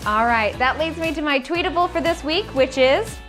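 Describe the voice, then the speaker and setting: A woman with a bright, high-pitched voice speaks straight to her viewers in a motivational vlog. She coaches them earnestly through tips, encouraging and direct. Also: normal speed, over music. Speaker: life coach. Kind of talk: motivational talking-head vlog.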